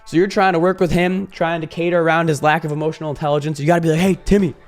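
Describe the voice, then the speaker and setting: Brief: male YouTuber, casual vlog talk, lively and profane, slightly high voice. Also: racing, faint music behind. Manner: animated, swears freely, acts out scenes.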